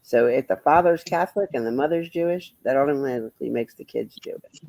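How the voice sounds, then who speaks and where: A man's voice: mid-range voice, brisk, creaky, darkish tone, dry recording, low-quality recording. A man chatting bluntly with viewers on a livestream, rambling and swearing freely. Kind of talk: casual livestream chat answering viewers.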